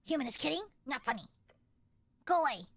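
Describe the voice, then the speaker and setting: A woman voicing a gruff, cold male kobold who talks in short, broken deadpan phrases. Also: sits high, brisk, dry recording. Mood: curt. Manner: clipped broken speech, deadpan.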